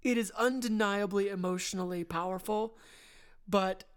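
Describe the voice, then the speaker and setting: A woman co-hosting a podcast, talking casually about a film, earnest and emotional, halting when moved. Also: mid-range voice, fairly even intonation, clean tone. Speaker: podcast co-host. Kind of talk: casual film review chat.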